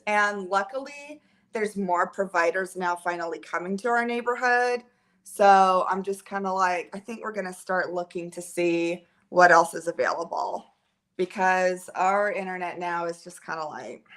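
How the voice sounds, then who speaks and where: Filmed on a mounted camera at home, this livestream host chats loosely with her audience, wandering between topics and dropping in lots of filler. Her voice sits in the middle range with a fairly bright tone.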